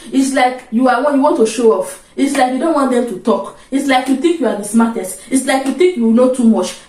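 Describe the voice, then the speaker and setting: Animated Nigerian woman in an echoey room. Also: high-pitched, brisk, few pauses, distant mic. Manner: animated, mixes in pidgin and acts out exclamations. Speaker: vlogger. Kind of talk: casual storytelling monologue.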